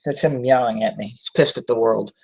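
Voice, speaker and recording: Husky-voiced man rambling on a live show. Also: medium pitch, brisk, rough recording. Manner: loose and chatty, many fillers, self-corrections and laughs; swears casually. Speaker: host of a live online talk show. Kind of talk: casual rambling chat.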